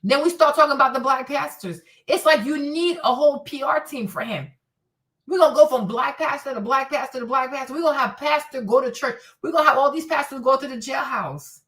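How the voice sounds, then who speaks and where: A woman hosting a livestream, giving blunt, profane, animated commentary. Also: high-pitched, a little fast, far from the mic. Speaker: host.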